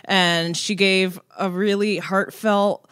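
A woman's voice: mid-range voice, steady tone, slow pace, fairly bright tone, smooth, no room sound, clean studio sound. A woman co-hosting a podcast, telling stories in a chatty way and laughing often. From Iranian family, speaks Farsi. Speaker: podcast co-host. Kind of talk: casual chat.

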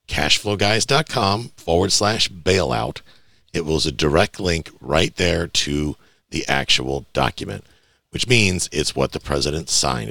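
A man's voice: low-pitched, vocal fry, bright, forceful tone, no room sound, clean studio sound. A male podcast host talking emphatically and bluntly in a casual monologue, ranting about bad information.

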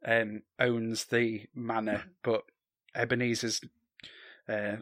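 A man's voice: on the low side, flat delivery, slow, a bit bright, no echo, studio quality. Chatty man recapping a film. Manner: chatty, jokey, sweary, many ums. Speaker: podcast co-host. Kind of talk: casual film recap chat.

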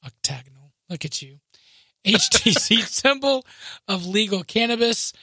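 Chatty co-host type, bright voice, laughs through the story, recorded close and dry. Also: medium pitch, a little slow, husky, dry recording. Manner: laughs often while telling stories, chatty asides. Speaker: podcast co-host. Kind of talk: casual chat, reading news aloud.

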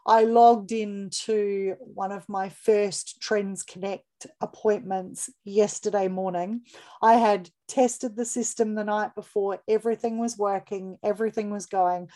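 A woman co-hosts a podcast, sharing business tips in a chatty, upbeat way and laughing easily. Her mid-range voice is dark in tone, a little slow, and fairly even in intonation.

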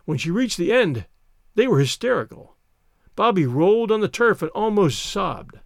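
A man reading a literary story aloud with expressive storytelling. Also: high voice, normal speed, creaky, dry recording, studio quality. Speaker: reader. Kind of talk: scripted narration.

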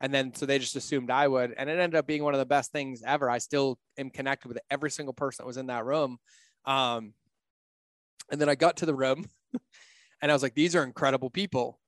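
A man talking casually on a podcast, blunt and animated, swearing freely and acting out his own quotes. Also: a little fast, dry recording. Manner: acts out his own quotes with big pitch jumps.

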